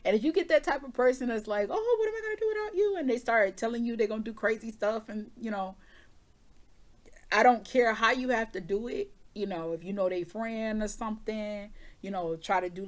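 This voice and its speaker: A woman's voice: medium pitch, fairly quick. A woman tarot reader telling a personal story to her viewers in a candid, emotional way, swearing freely.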